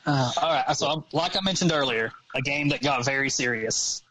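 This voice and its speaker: A man's voice: medium pitch, moderate pace, sharp tone, low-quality recording. A man who is a guest on a podcast, easygoing and chatty, with many ums as he explains things. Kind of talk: casual podcast chat.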